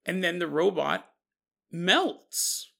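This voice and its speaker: A man's voice: high-pitched, expressive, slow pace, vocal fry, sharp tone. A man hosting a podcast, telling a strange story with jokey asides and frequent chuckles. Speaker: podcast host. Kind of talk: comedic paranormal storytelling.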